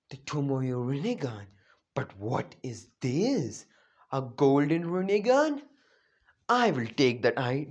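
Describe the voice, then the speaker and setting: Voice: mid-range voice, a little mellow. A fan narrator voicing a power-hungry male ninja villain who draws out his threats, in a homemade anime what-if story.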